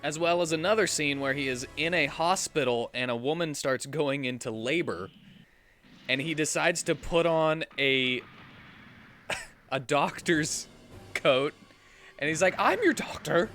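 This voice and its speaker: A man streaming a game, chatting casually and retelling a film in a halting, rambling way. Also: on the high side, a bit bright. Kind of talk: casual chat while gaming. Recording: faint game music behind.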